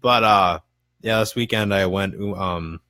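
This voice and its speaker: A man's voice: low voice, measured pace, sharp tone, no room sound. Rambling young man telling stories. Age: 20s. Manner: rambling storyteller, swears freely, laughs at himself. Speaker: podcast co-host. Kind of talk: casual chat.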